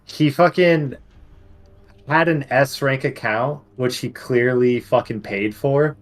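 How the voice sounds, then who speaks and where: A man who plays games, chatting casually in slangy, animated speech and swearing freely as he tells stories. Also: medium pitch, takes it slowly. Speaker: game player. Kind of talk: casual chat.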